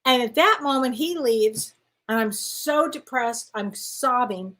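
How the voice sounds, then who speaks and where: A woman co-hosting a chat show, telling a personal story in an animated way and acting out the dialogue. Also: a little high, measured pace. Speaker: co-host.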